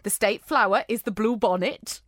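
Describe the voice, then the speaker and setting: A woman's voice: mid-range voice, normal speed, a bit bright, no echo, clean studio sound. A woman co-hosting a podcast in casual chat, giggly and enthusiastic. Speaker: podcast co-host.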